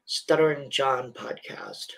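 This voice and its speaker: Gravelly, deadpan man. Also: mid-range voice, takes it slowly, low-quality recording. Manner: deadpan, unimpressed reading. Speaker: co-host. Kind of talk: casual live-stream chat.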